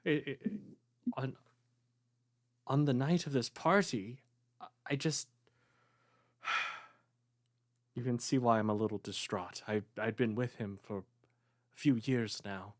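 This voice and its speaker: A game master voicing a composed woman who hides her heartbreak, speaking softly with hesitant sighs. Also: medium pitch, takes it slowly, long pauses, lightly acted. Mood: sorrowful. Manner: soft, hesitant, sighing.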